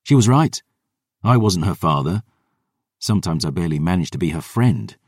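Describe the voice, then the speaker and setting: Male audiobook narrator, very deep voice, expressive lively delivery, dry close recording. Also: normal speed, husky, no room sound. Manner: dramatic, expressive storytelling. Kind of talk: first-person audiobook narration.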